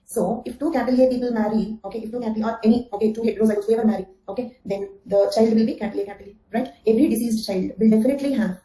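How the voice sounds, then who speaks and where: A woman's voice: fairly high pitch, steady tone, racing, few pauses, warm tone, reverberant, rough recording. A woman giving an online exam-coaching lecture, repeating key phrases, checking with "okay?" and calling on students by name. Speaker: anthropology teacher.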